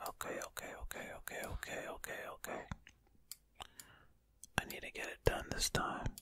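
A man's voice: moderate pace, pushed and bright. A man whispering ASMR commentary close to the microphone, fretfully muttering to himself as he plays. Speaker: ASMR creator.

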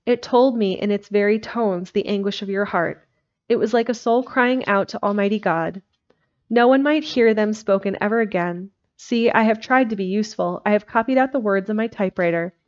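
A woman's voice: medium pitch, a little mellow, lightly acted. A woman voicing an earnest, brave young Victorian wife, speaking in a pleading way over a dull lo-fi recording. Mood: tender.

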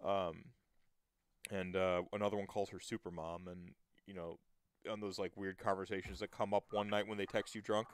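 Rambling man with a smooth, dry voice. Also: deep voice, little pitch movement, moderate pace, no room sound. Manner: rambling, many restarts and fillers, swears freely. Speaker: podcast host. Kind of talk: casual podcast chat.

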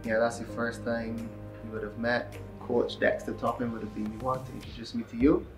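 A man's voice: medium pitch, flat delivery, a little fast, vocal fry, echoey room. Young man, casual friendly chat, laughing, hesitant restarts, distant mic, faint music. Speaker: cricketer, interview guest.

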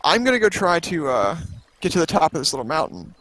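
A man's voice: fairly high pitch, sing-song, fast talker, a bit bright. A young man playing along in a casual gaming session, swearing freely and talking through his own struggles. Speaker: co-player. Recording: noisy recording.

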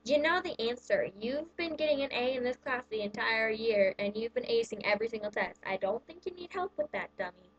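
A woman's voice: fairly high pitch, expressive, brisk, few pauses, muffled recording. A teenage girl ranting casually in a vlog, chatty and sarcastic, acting out little quoted exchanges. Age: teens. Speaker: vlogger.

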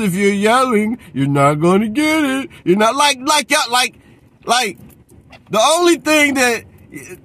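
Guy going off about boxing, high voice, cussing, aave, keeps saying he's sick of it. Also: fairly bright tone. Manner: profane, repeats a catchphrase, mocks others in put-on voices. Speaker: boxing commentator. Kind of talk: heated rant.

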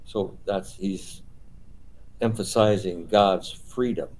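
Man, Bible study leader, low voice, mellow tone, patient explaining, rhetorical questions. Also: slow pace, low-quality recording. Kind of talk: teaching a small group.

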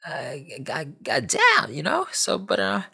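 A cocky young island hacker boasts in a shrill, squeaky voice far above a normal man's, heavy with street slang and rapid repeats. The pitch swings widely and a gravelly edge runs underneath. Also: wildly swooping pitch, sharp tone, exaggerated voice. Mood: pleading.

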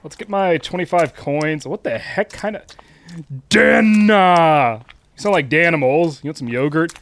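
A man commentating live as he plays a game, excitable and teasing the other players. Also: a little high, normal speed. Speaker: streamer.

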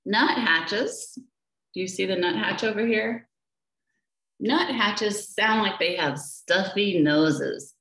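Woman nature educator, slow storytime reading to small kids, roomy echo. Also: medium pitch. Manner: slow, gentle, asks the children questions. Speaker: children's nature program educator. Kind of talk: reading a picture book aloud to young children. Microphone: laptop or webcam for a video session. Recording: echoey room.

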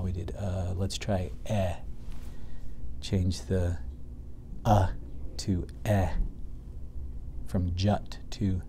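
Slow, patient man teaching reading. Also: sits low, darkish tone, a little hiss or hum. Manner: slow, patient, sounding out words. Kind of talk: reading lesson for young children.

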